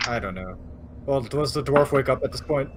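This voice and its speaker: A man playing a tabletop game, with playful, quick back-and-forth. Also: medium pitch, slight background noise. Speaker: player.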